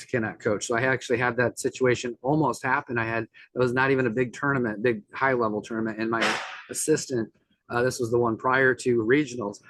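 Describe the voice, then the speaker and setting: A man's voice: medium pitch, a bit bright, no room sound, rough recording. A man, a wrestling coach hosting a casual podcast chat, rambling with many restarts.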